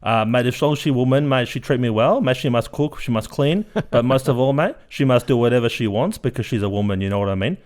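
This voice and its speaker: A man's voice: medium pitch, fast talker, few pauses, darkish tone, lightly acted. A man playing a brash, boastful uncle who chases women and says "mate" in nearly every breath. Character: boastful macho middle-aged uncle, womanizer.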